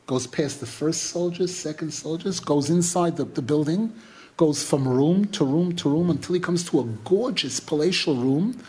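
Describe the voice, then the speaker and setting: A man's voice: a little high, breathy edge. A middle-aged man teaching a religious lesson through a retold folk tale, repeating himself and restarting phrases as he goes. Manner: repetitive, animated retelling with many restarts. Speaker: Torah teacher.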